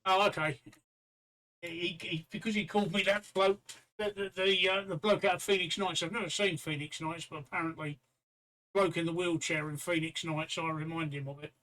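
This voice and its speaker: A man with a high voice hosts a casual live stream. He trades cheeky banter with his co-hosts and tells long, silly jokes. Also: fairly even intonation, normal speed, pushed and bright, rough recording. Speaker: host.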